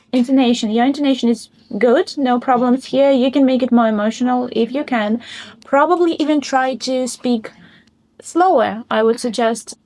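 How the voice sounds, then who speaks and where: A woman's voice: a little high, normal speed, a little mellow. A woman acting as a speaking examiner, giving mock-test feedback in an encouraging way with frequent light laughs.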